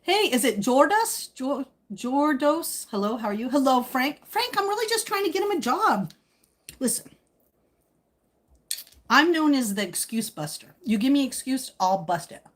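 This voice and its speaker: A woman hosting a casual live stream, answering viewer comments in a chatty, teasing way, with a slightly husky voice. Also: sits high, big pitch swings, moderate pace. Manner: speaks while eating. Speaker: livestream host chatting with viewers.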